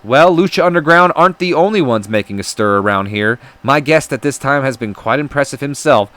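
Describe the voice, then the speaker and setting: A man's voice: mid-range voice, lively intonation, brisk, fairly bright tone, no echo, close to an everyday voice. A man voicing a polite male backstage interviewer in a wrestling game, in an announcer-like way.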